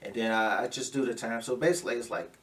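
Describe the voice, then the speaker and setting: A man's voice: mid-range voice, steady tone, fast talker, fairly bright tone. A man, a stand-up comedian, telling rambling work anecdotes in a casual podcast chat and acting out quotes along the way. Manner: laid-back, rambling anecdotes with acted-out quotes. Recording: distant mic with faint room noise.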